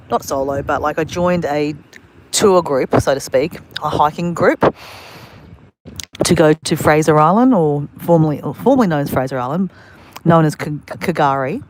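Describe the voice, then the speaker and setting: Low-pitched and backed by a faint hiss or hum, this travel vlogger's voice carries a casual livestream story told outdoors on a phone at a beach at sunset. She rambles and keeps correcting herself.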